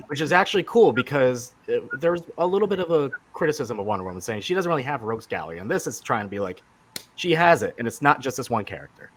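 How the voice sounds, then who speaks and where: A man's voice: medium pitch, sing-song, fast, slight background noise. A man hosting a casual podcast chat about comics, enthusiastic and rambling with many fillers and restarts. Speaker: podcast host.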